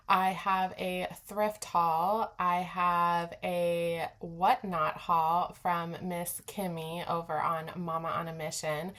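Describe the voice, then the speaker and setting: A woman's voice: lowish voice, a bit bright. A woman hosting her own reselling vlog, chatting in a friendly, casual way straight to her viewers about her finds. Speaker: reseller vlogger, channel host. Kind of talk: casual haul vlog chat.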